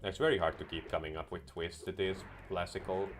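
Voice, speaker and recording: Deep-voiced sarcastic gaming commentator. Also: male voice, fairly even intonation, fairly quick, soft background music. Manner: sarcastic, joking, swears freely. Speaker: gameplay commentator. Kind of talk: casual let's-play commentary.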